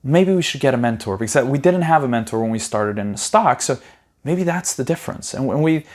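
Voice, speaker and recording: Speaking at a medium pitch, an expressive male property investing educator walks through his personal history in a chatty way. Frequent "you know"s and fast restarts fill his talk, and he brightens when replaying past exchanges.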